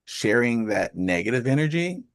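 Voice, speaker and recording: A man's voice: mid-range voice, big pitch swings, moderate pace, smooth, no echo, studio quality. A man in his fifties hosting a group call, chatting casually in a rambling way and laughing often. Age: 50s. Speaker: host of an accountability call.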